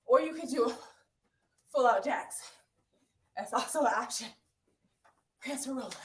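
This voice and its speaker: A woman's voice: high voice, measured pace. A woman fitness instructor coaching a live workout, upbeat and out of breath, cheering and counting down. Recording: echoey room from far off.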